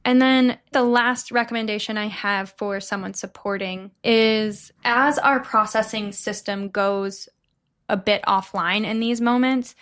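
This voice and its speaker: A woman's voice: medium pitch, steady tone, unhurried. A woman co-hosting a podcast, explaining in an earnest, casual way. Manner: earnest, explanatory, drops to a soft gentle voice at times. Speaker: podcast co-host. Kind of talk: casual chat.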